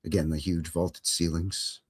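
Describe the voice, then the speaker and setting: A man's voice: deep voice, little pitch movement, a little slow, husky. A man hosting a live stream, reading viewer comments aloud and joking casually while commenting on film clips. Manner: jokey, chatty, reads viewer chat aloud.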